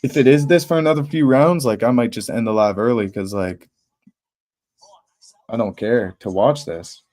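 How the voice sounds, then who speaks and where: A young man calling a fight live on his stream, with a middle-pitched voice. He talks casually and bluntly and throws in slang and swears. His tone moves between flat and fired up. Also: moderate pace. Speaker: livestream host. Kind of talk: live fight watch-party commentary.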